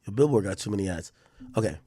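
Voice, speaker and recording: A man's voice: lowish voice, expressive, fast talker, warm tone, husky, no echo. Rambling, muttering male streamer, dry sound. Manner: rambling, muttering to himself, profane. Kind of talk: livestream commentary reading posts aloud.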